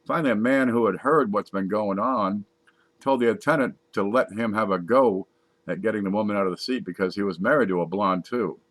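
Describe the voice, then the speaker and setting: A man's voice: lowish voice, brisk, dry recording. A man casually reading jokes aloud, laughing at his own punchlines and adding wry asides. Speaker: comedy joke reader.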